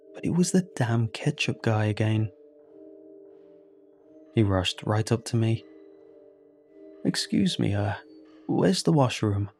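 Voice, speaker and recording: A man tells a first-person horror story in a calm, measured way. His voice sits low and dark. Faint music plays underneath. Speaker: narrator.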